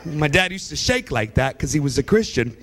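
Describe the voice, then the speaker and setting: A man doing stand-up comedy at a church, animated and quick to slip into impressions of his family. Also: on the high side, heavy background noise. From US East Coast. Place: church hall.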